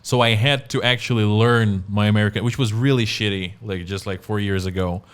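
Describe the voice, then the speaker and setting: Smooth low-voiced man chatting. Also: brisk. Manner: animated storytelling, acts out quoted voices. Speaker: podcast co-host. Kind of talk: casual chat.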